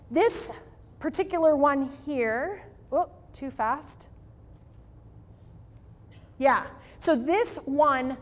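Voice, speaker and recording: A woman speaker giving a lively marketing keynote to a live audience, emphatic and pleading at times. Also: high voice. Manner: animated, emphatic, pleading asides. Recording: reverberant hall.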